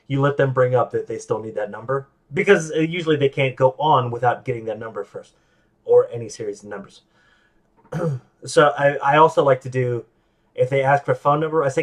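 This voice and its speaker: A man's voice: mid-range voice, a little fast. Rambling, self-deprecating male podcast host. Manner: animated, acts out quoted voices. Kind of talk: casual solo monologue.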